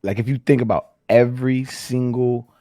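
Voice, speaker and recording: A man's voice: medium pitch, fairly even intonation, mellow, no room sound, studio quality, soft background music. A man talking casually on a podcast, stumbling and restarting as he works through his thoughts. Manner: halting, restarts often, quotes himself with slangy asides. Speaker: podcast host. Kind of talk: casual chat.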